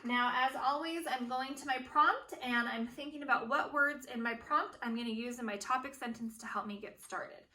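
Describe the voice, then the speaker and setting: Bright, echoey woman teacher modeling writing. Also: high-pitched, distant mic, a little hiss or hum. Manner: slow, deliberate, says each word aloud as she writes it. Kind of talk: modeling writing for young students. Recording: echoey room, voice a bit off-mic.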